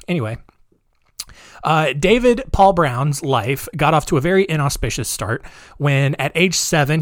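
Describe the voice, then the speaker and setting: A man's voice: fairly high pitch, dry recording, studio quality. A man hosting a podcast, talking in a casual, sarcastic, rambling way with joking asides. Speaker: podcast host.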